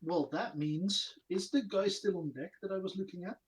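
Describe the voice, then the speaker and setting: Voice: medium pitch, moderate pace. A tabletop player chatting casually about rolls and bonuses, with a wry tone. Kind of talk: casual tabletop game chat.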